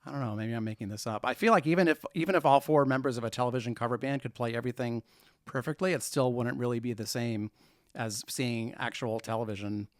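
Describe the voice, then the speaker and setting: A man's voice: mid-range voice, fast, dry recording, clean studio sound. A man who is a podcast guest, talking about a film in a wry, thoughtful way and laughing often. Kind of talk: casual film chat.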